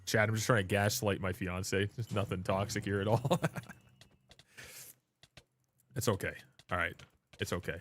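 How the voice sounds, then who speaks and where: Hosting a livestream, a man of twenty-seven talks in a fairly low, fairly bright voice at an unhurried pace with long pauses. He rambles casually, cracking jokes and poking fun at himself.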